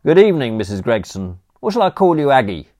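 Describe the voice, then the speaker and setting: A man's voice: mid-range voice, very animated, quick pace, darkish tone, voice pushed up, natural voice. A man reading an audiobook voices a cheeky male butler with a mock-formal, impudent manner. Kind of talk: audiobook character voice.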